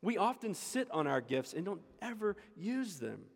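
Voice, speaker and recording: A man's voice: high voice, sing-song, normal speed, vocal fry. A man preaching a sermon as pastor, emphatic and repeating his key lines for the congregation. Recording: echoey hall with long reverb.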